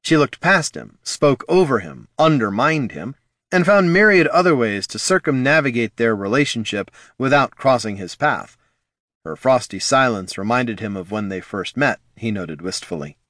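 Expressive male audiobook narrator. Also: mid-range voice, normal speed, no room sound, studio quality.

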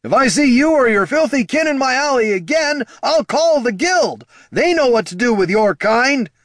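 A man's voice: very high voice, lively intonation, normal speed, no room sound, studio quality, pitched above the performer's own voice. A man voicing a furious male shopkeeper who bellows threats down an alley.

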